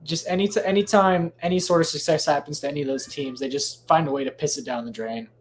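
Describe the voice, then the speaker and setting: A man's voice: a little high, fairly even intonation, fast, slight background noise. Rambling, cursing male podcast host. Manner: rambling and profane, many restarts and tangents. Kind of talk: casual solo podcast rant. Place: home, recorded late at night.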